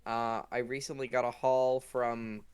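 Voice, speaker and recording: A man holding forth on a casual podcast, his voice smooth and resonant. He talks in emphatic bursts, quick to rant and just as quick to laugh it off. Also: medium pitch, level tone. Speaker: podcast host. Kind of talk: casual chat.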